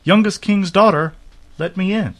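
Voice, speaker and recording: A man's voice: mid-range voice, expressive, normal speed, close to an everyday voice. A man voicing a small, insistent male frog in a storybook reading, coaxing and pleading. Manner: coaxing, wheedling, raised voice.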